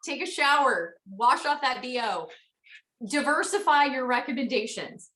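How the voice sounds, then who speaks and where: A woman in her thirties runs a motivational sales team call, frank and chatty as she pushes everyone forward. Her slightly high voice is pushed and bright with lively intonation at normal speed, though she sounds far from the mic in a very echoey room.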